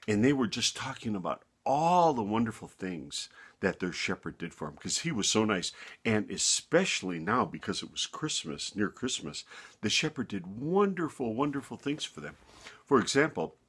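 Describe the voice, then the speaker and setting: A man narrating a bedtime story in a gentle, unhurried manner with small restarts. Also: fairly low pitch, breathy edge.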